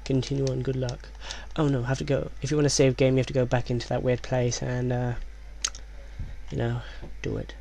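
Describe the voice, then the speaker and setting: A man doing let's play commentary in a hushed, low voice, rambling and reading game text aloud. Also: level tone, fairly quick, gravelly.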